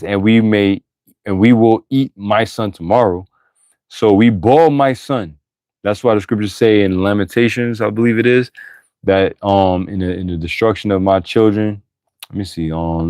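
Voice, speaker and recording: A man with a low voice teaching from the Bible, reading verses aloud and then breaking into crude, forceful street-style commentary. The recording is dry and close, with no room sound around him. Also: no room sound. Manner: profane, blunt and emphatic, with bursts of laughter.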